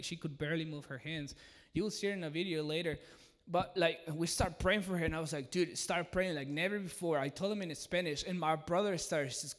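A man telling an excited testimony, acting out what he and others said, and his voice sits fairly high for a man. His voice rings with the long reverb of a large hall. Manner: excited, retells with quoted dialogue. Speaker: mission team leader. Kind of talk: animated testimony.

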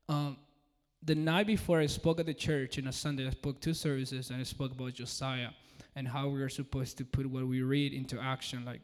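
A man from Peru telling the church an animated testimony, getting loud and excited. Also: mid-range voice. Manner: excitable, swings into loud exclaiming. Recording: reverberant church hall.

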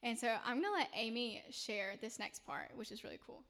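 A woman's voice: fairly high pitch, animated, brisk, fairly bright tone. A woman telling a testimony in a chatty way, with many filler words. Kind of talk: casual testimony.

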